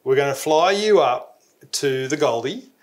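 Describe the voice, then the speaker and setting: A man's voice: mid-range voice, expressive, a little slow. A man with an Australian accent hosting a fishing show, chatting casually, teasing and laughing a lot. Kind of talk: casual chat. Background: music.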